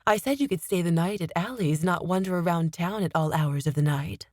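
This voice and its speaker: A woman voicing a worried, scolding middle-aged mother in an audiobook, in a measured way. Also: lowish voice, darkish tone, no echo, studio quality, lightly acted.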